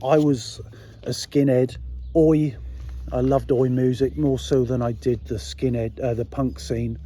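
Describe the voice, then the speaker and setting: A man's voice: medium pitch, little pitch movement, a little slow, warm tone. A middle-aged man from England giving a blunt, sweary, indignant monologue, full of rhetorical questions to his viewers. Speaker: political commentary vlogger. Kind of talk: casual ranting monologue.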